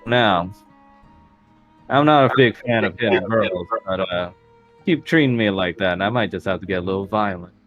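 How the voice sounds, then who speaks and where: A man's voice: low-pitched, animated, normal speed, a bit bright, highs cut off. A man voicing a cocky, cigar-smoking orc hunter who drawls teasing lines, over faint music. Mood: smug teasing.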